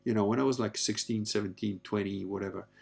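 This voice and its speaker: Gravelly low-voiced guy in his 50s, rambling and blunt, swears a lot. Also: steady tone, fast, a little mellow. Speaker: podcast host. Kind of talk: casual personal monologue.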